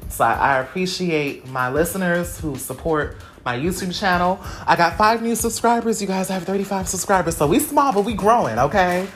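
A young adult woman hosting her own podcast, talking casually and slangily, giving motivational pep talk straight to her listeners. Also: on the low side. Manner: chatty, slangy and motivational, addresses listeners directly. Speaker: podcast host.

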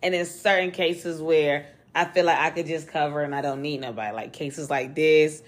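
Fast-talking slangy woman podcast host. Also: low-pitched, fairly even intonation. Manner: fast, loose and slangy, swears freely. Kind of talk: casual solo podcast chat.

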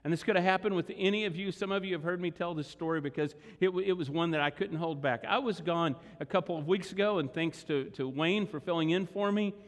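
High-voiced and fast, with few pauses, a male pastor tells a story conversationally as part of his sermon. The recording has long hall reverb from the large church hall where he addresses his congregation.

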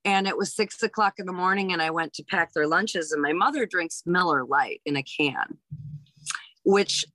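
Comedian in her fifties from Hawaii, lower voice, dry close sound, animated storyteller. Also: normal speed, no room sound, poor audio. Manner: animated storyteller, lots of restarts. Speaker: guest, stand-up comedian. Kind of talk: casual storytelling interview.

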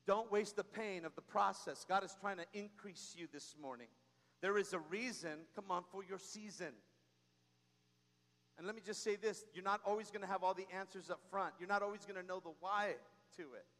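High bright preacher man in echoing church. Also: moderate pace. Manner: preaching with call-and-response exhortation. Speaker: pastor. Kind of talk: sermon. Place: church sanctuary. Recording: long reverb of a large hall.

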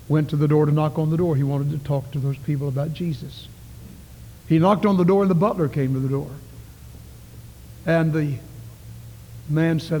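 A man preaching a sermon, telling stories earnestly and swinging between calls and hushed near-whispers. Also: fairly high pitch, dull audio. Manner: earnest storytelling, rising to calls then dropping to near whispers. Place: church sanctuary. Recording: long church reverb.

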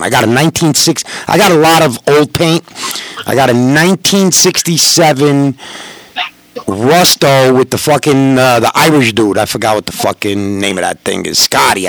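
A man's voice: medium pitch, a bit bright, poor audio. A middle-aged man telling stories as a podcast guest, casual, rambling and full of swearing. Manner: profane, rambling storyteller. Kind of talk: casual chat.

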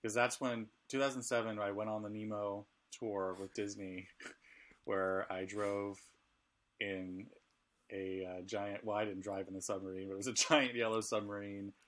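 A man's voice: lowish voice, level tone, moderate pace, fairly bright tone. A middle-aged man co-hosting a casual chat, speaking candidly and laughing often. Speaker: podcast co-host.

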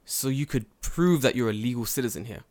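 On a casual podcast, a man who lives in Japan swaps stories packed with profanity, acting out each quote. His pitch is medium and a little mellow, and he speaks fairly quickly.

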